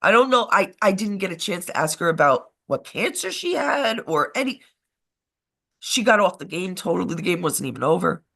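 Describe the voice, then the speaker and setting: Her voice is fairly low and gravelly, moving at a moderate pace. She's a live-show co-host telling a winding, energetic story in relaxed chat, cursing along the way.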